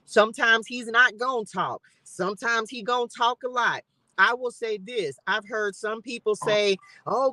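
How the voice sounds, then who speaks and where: Woman, faith live-stream host, fervent repeated exhortations, crisp bright tone, dry sound. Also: medium pitch, no echo, low-quality recording. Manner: fervent, repetitive exhortation with laughs. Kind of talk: casual spiritual encouragement talk. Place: in a car. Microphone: live-stream device mic.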